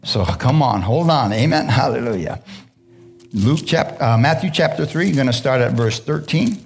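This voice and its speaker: A man pastor preaching a sermon in a church, conversational and relaxed, laughing now and then, with frequent calls of "hallelujah" and "amen?" to the congregation. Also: medium pitch, moderate pace, gravelly, slightly rough. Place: church sanctuary.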